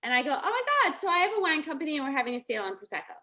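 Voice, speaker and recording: A middle-aged woman coaches in a casual motivational talk, telling stories with plenty of laughter. Her high-pitched voice is animated, bright and forceful, and she races along in a chatty, laughing way.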